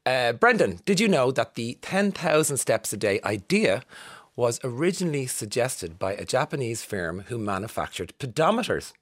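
A man's voice: mid-range voice, sing-song, normal speed. An Irish man in his fifties hosting a casual radio show from a studio booth, reading listener texts with jokey, self-mocking asides. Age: 50s. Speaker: radio host.

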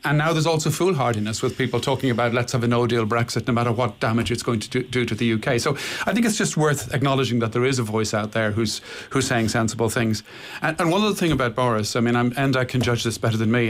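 Quick, earnest male pundit arguing his point on a panel. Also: medium pitch, a little hiss or hum. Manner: earnest, argumentative. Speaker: panel guest. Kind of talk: radio panel discussion.

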